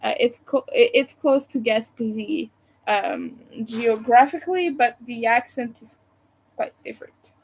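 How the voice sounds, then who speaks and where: A woman with a Quebec French accent chats on a live stream at an unhurried, drawn-out pace. Her voice sits somewhat high for a woman, and she wanders through her thoughts with frequent ums and uhs. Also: a little mellow, a little hiss or hum. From Quebec, Canada. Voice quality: meandering, hesitant delivery full of fillers. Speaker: livestreamer. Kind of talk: casual live-stream chat.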